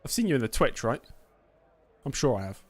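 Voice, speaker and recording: With a husky, medium-pitched voice full of big pitch swings, a man talks fairly quickly while livestreaming a racing game. He banters with chat in a mock press conference and calls viewers "mate," with faint music behind him. His indoor streaming setup has a green screen.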